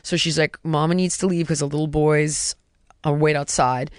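A woman in her thirties telling a personal story in casual conversation, animated and emphatic, stringing rhetorical questions and dropping to a hush for quoted words. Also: low-pitched, normal speed, smooth, no room sound, clean studio sound.

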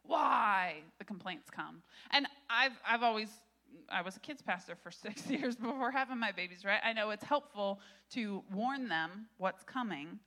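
A woman in her thirties, a pastor, giving an animated, conversational sermon with frequent laughter. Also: medium pitch, moderate pace.

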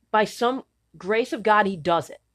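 A woman in her thirties co-hosting a casual chat, blunt and cynical, a little hoarse and often clearing her throat. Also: medium pitch, slow, fairly bright tone. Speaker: podcast co-host.

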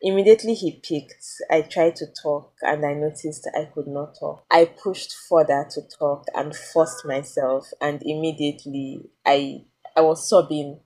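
A young woman with a Nigerian accent talks straight to her viewers in a casual vlog. Her voice sits notably low. She tells her story candidly, restarting sentences and leaning on fillers as she goes. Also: fairly even intonation, measured pace, darkish tone. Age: young adult. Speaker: vlogger.

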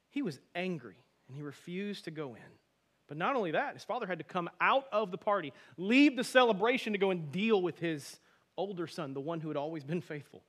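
A man preaching a sermon as a pastor, conversational and animated, with sudden loud emphasis. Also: on the high side.

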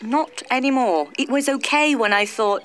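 A woman's voice: high-pitched, moderate pace, a bit bright. A woman playing a hesitant young woman who apologetically explains herself.

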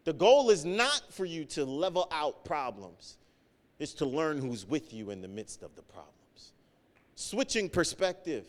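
A man preaching a sermon, earnest, repeating key phrases for emphasis and swinging between loud and soft. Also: fairly high pitch, lively intonation, unhurried, in a large hall. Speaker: pastor.

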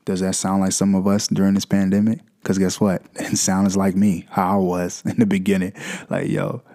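A man's voice: deep voice, completely flat delivery, normal speed, mellow. A young man hosting a devotional podcast, talking through scripture in a loose, conversational way with frequent "right?" asides. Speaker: podcast host. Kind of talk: casual devotional podcast talk.

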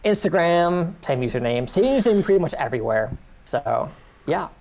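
A man appearing as a guest on a casual podcast. He speaks in a relaxed, unhurried way and stops a few times mid-sentence. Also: fairly high pitch, creaky.

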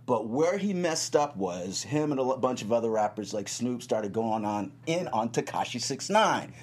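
A man's voice: mid-range voice, expressive, moderate pace, few pauses, breathy edge. A man on a casual panel chat, rambling with hesitant fillers.

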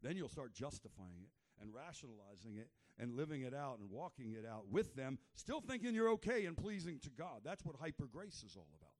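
A man preaching a fervent sermon, moving between loud exhortation and quiet, low asides. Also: sing-song, brisk, few pauses.

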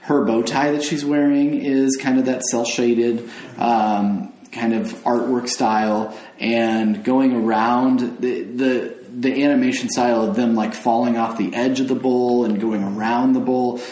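A man's voice: medium pitch, fairly even intonation, measured pace, darkish tone. A man hosting a casual film podcast, talking enthusiastically and rambling a little. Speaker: podcast host. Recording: roomy echo.

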